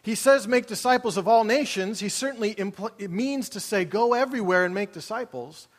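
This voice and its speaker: A man preaching a sermon in a high voice, talking casually with his congregation and asking them questions. His voice rings out in a large auditorium with a long reverb tail. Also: a little fast. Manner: conversational, asks the congregation questions. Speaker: pastor.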